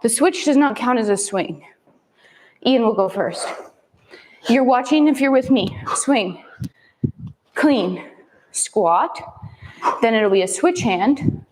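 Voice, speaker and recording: A woman's voice: fairly high pitch, lively intonation, takes it slowly, pauses often, long reverb tail, noisy background. A woman fitness instructor leading a follow-along kettlebell workout, cueing moves in short upbeat counts.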